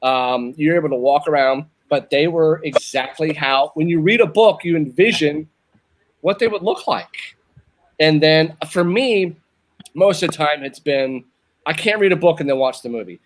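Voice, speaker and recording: There's a little hiss or hum behind this slightly high male voice speaking at normal speed. He's a Northern Virginia show host in his fifties telling a long personal story in casual chat, rambling, repeating himself, and restarting his sentences.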